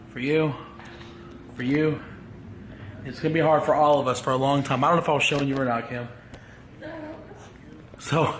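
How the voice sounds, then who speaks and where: A grieving man talking to his viewers in a halting, heartfelt farewell vlog. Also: fairly high pitch, fairly bright tone, slight background noise. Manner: halting, grief-stricken. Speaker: vlogger.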